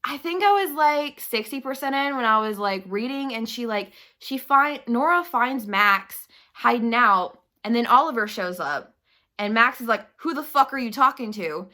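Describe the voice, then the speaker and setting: A young woman vents about a book in a loose, chatty vlog rant, peppering nearly every phrase with "like" and dropping the odd swear. Her voice sits a touch high and rings bright and forward. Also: normal speed. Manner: chatty, swears freely, heavy use of "like". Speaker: book reviewer.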